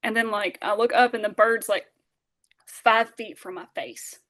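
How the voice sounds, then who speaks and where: A woman, a podcast guest telling a lively story and acting out the voices of those in it. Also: fairly high pitch, measured pace. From Southern Alabama. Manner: animated, acts out dialogue, many fillers. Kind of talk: storytelling in casual interview.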